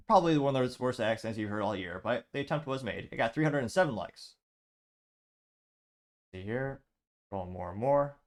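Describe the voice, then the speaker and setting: A man's voice: mid-range voice, animated, normal speed, long pauses. Man reading comments with dry asides. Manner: reads quotes aloud with dry asides. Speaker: show host.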